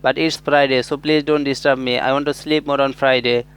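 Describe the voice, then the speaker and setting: A man's voice: mid-range voice, level tone, fairly quick, fairly bright tone, clean tone, close to an everyday voice. A man voicing his own thumb as a drowsy talking finger that wants to sleep in. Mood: sleepy. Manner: drowsy, asks not to be disturbed.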